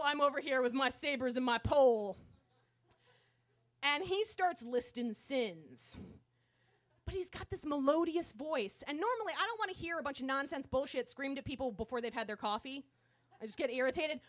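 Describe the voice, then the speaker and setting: A woman telling a comic story on stage, animated and profane, swinging from hushed to loud. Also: high voice, normal speed. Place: stage at a live show.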